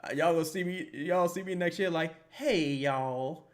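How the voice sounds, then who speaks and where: A man's voice: sits high, brisk. A young man giving casual live reaction commentary while watching a basketball game, joking and swearing as he rambles. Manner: animated, joking, profane and rambling.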